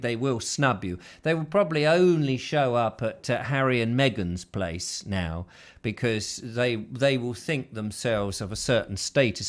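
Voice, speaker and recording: Rambling, self-deprecating male host. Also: mid-range voice. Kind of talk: casual live show chat, reading viewer comments. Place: his house.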